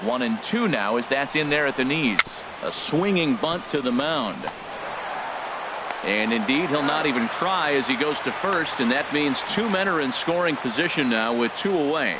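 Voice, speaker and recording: A man calls a baseball game pitch by pitch in a brisk, measured way, and his voice lifts on the big plays. His voice sits a little high. A loud stadium crowd and heavy background noise run under everything. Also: animated. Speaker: play-by-play announcer. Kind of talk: baseball play-by-play commentary.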